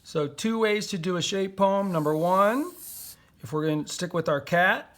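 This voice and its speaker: A man's voice: high voice, lively intonation, normal speed, fairly bright tone. A man teaching a poetry lesson to young children, patiently sounding out words and syllables.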